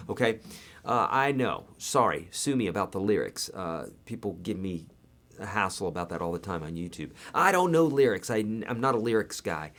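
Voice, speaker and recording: A man's voice: fairly low pitch, lively intonation, fairly quick. A man teaching a live guitar lesson in a casual, chatty way, his voice tired and worn, counting beats aloud.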